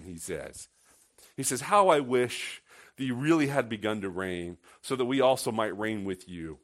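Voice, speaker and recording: A man preaching a sermon in a conversational way, asking the congregation questions and swinging from hushed lines to loud, sarcastic ones. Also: on the low side, lively intonation, moderate pace. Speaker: pastor.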